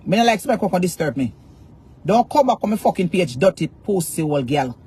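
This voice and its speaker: A woman's voice: lowish voice, very animated, fast talker, dark tone, husky. A Jamaican woman ranting defiantly to her followers, cursing in Patois and repeating taunts. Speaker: social media personality. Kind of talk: angry rant to camera.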